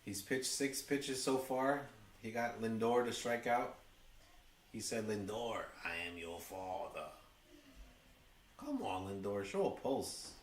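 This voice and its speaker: A man with a New York accent giving chatty, excitable fan commentary to his livestream chat. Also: medium pitch, unhurried, roomy sound, distant mic, a little hiss or hum. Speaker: livestream host. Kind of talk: fan watch-along commentary.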